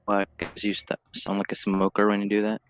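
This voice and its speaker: A man's voice: fairly low pitch, monotone, brisk, a little hiss or hum. A man chatting casually as a player before a tabletop game, making dry, teasing remarks. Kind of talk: casual chat.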